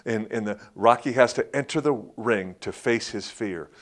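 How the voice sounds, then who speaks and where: A man preaching a sermon in a conversational way, with many fillers and restarts, who acts out quotes in a louder, higher voice. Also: moderate pace. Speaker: pastor.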